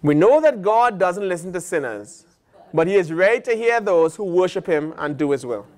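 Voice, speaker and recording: A man's voice: high voice, animated, moderate pace. A man with an American accent, a pastor preaching a sermon and acting out the voices of God and the prophets.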